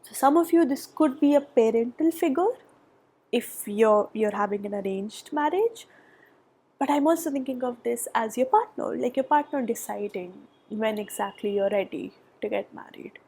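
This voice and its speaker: Slightly husky woman reading tarot. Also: on the high side, expressive, normal speed. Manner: chatty, thinking aloud, soft murmured asides. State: nasal from a cold. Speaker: tarot reader. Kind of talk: pick-a-pile tarot reading. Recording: background noise.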